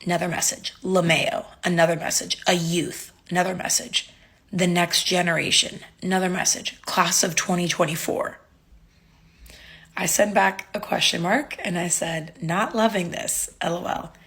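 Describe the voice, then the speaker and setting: A woman's voice: on the low side, steady tone, normal speed, fairly bright tone, slightly rough. A young woman casually telling a dating story to camera, wry and exasperated, reading out the texts she got.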